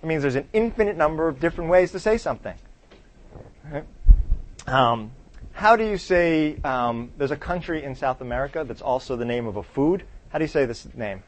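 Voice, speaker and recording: A man's voice: fairly high pitch, lively intonation, a little fast. A man teaching a class in a conversational lecture style. He quizzes the students and keeps checking in with "right?".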